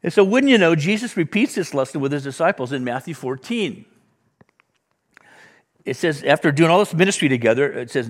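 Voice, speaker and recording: A middle-aged man preaching a sermon, acting out the dialogue with sudden loud bursts and soft drops. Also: fairly high pitch, lively intonation, fairly quick. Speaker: pastor.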